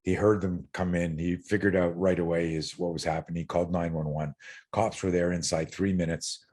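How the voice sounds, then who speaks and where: A man's voice: deep voice, little pitch movement, brisk, darkish tone. A middle-aged man, a self-defense instructor, telling a personal story as a podcast guest, blunt and earnest, swearing freely and stumbling over repeated words. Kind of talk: candid interview storytelling.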